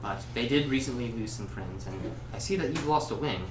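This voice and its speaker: A man narrating a tabletop game as game master in a relaxed, chatty way. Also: medium pitch, brisk. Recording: echoey distant livestream mic with noise.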